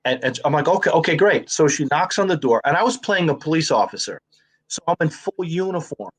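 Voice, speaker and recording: A man tells stories in a relaxed, chatty way, jumping into quoted dialogue with lively energy. His voice sits a little higher than most men's. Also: fairly quick. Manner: animated storyteller who acts out quoted dialogue. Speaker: actor and comedian guest. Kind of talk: casual storytelling in conversation.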